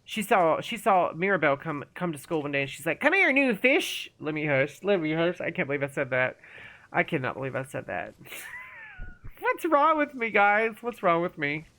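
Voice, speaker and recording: A woman's voice: deep voice, wildly swooping pitch, normal speed, a bit bright. A woman streaming a game and chatting casually, rambling playfully and talking to the characters. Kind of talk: casual live-stream commentary.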